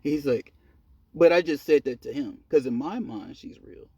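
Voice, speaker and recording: A man telling a personal story in a casual monologue, profane and animated, laughing at himself. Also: fairly high pitch, moderate pace, husky, no echo. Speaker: storyteller vlogger.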